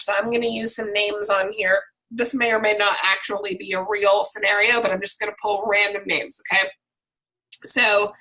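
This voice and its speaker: Woman kinda hoarse on a zoom call, chatty upbeat team leader, bright voice. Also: a little high, rough recording. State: hoarse, frog in throat. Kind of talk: video call team training. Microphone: video call.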